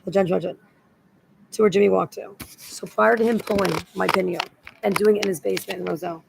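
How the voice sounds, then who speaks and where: A woman's voice: mid-range voice, fairly even intonation, fast, vocal fry, noisy background. A woman in a rambling, agitated spoken monologue that loops back on the same words.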